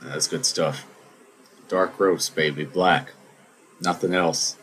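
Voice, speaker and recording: A man with a low voice tells a story in a loose, rambling podcast monologue. He drifts between topics and adds wry asides as he goes. A faint noise sits under his voice. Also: steady tone, slow. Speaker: podcast host.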